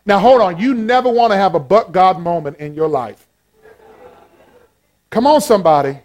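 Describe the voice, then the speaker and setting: A high-pitched male pastor delivering a lively sermon. He swings between loud, excited exclamations and quiet asides, and he jokes with the congregation as he goes. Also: normal speed. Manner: playful, joking with the congregation.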